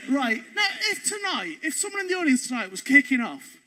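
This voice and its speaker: A man telling comic stories on a studio stage, excitably acting out the people in them. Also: extremely high pitch, quick pace. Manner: excitable, acts out the voices in his stories. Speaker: stand-up comedian. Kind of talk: stand-up storytelling. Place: studio stage before a live audience.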